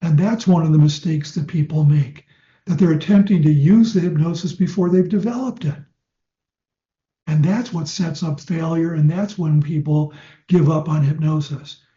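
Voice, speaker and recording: An older man gives a relaxed, anecdotal lecture on hypnosis to his trainees, his voice soft and mellow with a slightly raised pitch. The recording is dull and lo-fi, echoing around a roomy hall. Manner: conversational, anecdotal, slows for demonstration suggestions. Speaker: clinical hypnosis teacher.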